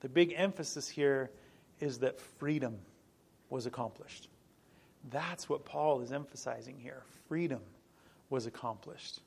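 A middle-aged pastor preaches a sermon in a medium-pitched, creaky voice with a breathy edge, speaking a little slowly. Earnest and emphatic, he repeats key phrases, often restarts and breaks into small laughs.

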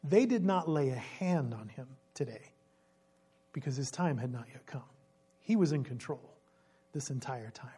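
In a lively expository sermon, the preacher asks listeners questions and laughs from time to time. The mid-range voice moves at a moderate pace and sounds slightly rough.

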